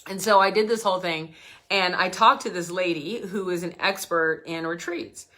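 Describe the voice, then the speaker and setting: A woman's voice: fairly low pitch, normal speed. A woman business coach telling a story straight to camera, acting out both sides of the conversations as she goes. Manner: animated storytelling, acts out dialogue. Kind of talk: direct-to-camera business talk.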